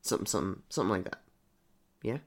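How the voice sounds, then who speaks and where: A voice actor recording effort noises and loose laughter, drawn out and gravelly. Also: sits low, rapid-fire, heavy background noise.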